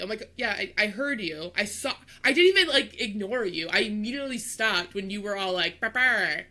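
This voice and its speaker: Young woman podcast co-host, bright tone, animated storyteller. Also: fairly high pitch, fairly quick. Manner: animated storyteller, acts out voices, laughs. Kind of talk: casual storytelling chat.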